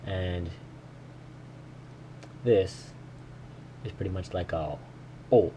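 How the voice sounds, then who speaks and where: A man recording himself while learning Korean, thinking aloud and repeating phrases slowly in a casual way. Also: low voice, mellow, a little hiss or hum. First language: English.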